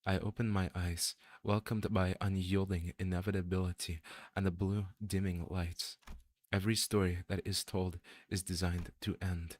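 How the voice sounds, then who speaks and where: A man voicing a despairing captive trapped in a web of fate, reading game dialogue in a slow, solemn, weary way. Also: sits low, little pitch movement, darkish tone, no echo. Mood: resigned.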